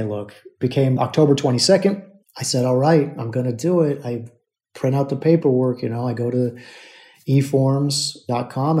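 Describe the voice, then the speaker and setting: Relaxed, mellow-voiced man telling a story. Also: medium pitch. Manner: conversational, repeats phrases, addresses listeners as brothers. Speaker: podcast host. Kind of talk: casual storytelling monologue.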